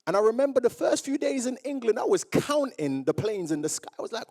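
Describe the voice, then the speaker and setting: A young man from Jamaica giving a motivational speech to a live audience, telling his story in a lively way and acting out old conversations. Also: very high-pitched, quick pace. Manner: animated storyteller who acts out remembered dialogue. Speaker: public speaker. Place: awards event room with audience.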